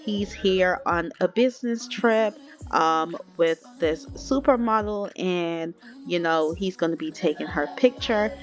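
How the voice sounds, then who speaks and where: A sweet young best friend from a life-sim story, reassuring and kind, voiced by a woman narrator. Her voice lifts slightly above the narrator's usual pitch, with faint music behind. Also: a little slow, natural voice. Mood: introducing.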